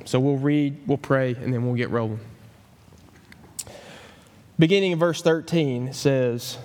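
A man's voice: mid-range voice, darkish tone. Earnest man preaching in a reverberant hall. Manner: earnest, emphatic, slows down on key phrases. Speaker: pastor. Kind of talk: sermon. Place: church sanctuary.

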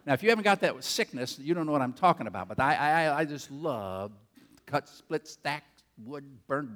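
An older man preaching a sermon as a rambling story, folksy and self-deprecating, with quick asides to the congregation and a rural turn of phrase. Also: fairly high pitch, expressive, fairly bright tone. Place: church auditorium. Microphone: handheld or headset mic.

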